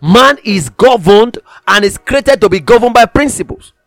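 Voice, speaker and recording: High-voiced man preaching a sermon. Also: lively intonation, moderate pace, fairly bright tone, no room sound, studio quality. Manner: emphatic, repeats phrases for stress; reads scripture aloud in old-fashioned wording.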